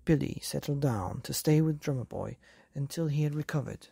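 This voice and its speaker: A woman reading a bedtime story aloud in a calm, even way, with a gravelly, husky voice. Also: low voice, normal speed, dry recording, clean studio sound.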